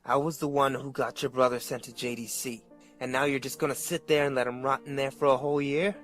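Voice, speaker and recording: A man's voice: mid-range voice, level tone, fast talker, soft background music, natural voice. A man voicing a brawling teen bully with a New York accent. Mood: taunting. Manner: shouting, goading.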